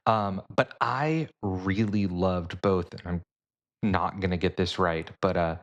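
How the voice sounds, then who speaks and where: A man with a fairly low voice weighs up films on a podcast, choosing his words carefully. He hedges his views and slips in dry jokes. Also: highs cut off. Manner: measured, hedging, dry humor. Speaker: podcast co-host. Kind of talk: casual film discussion.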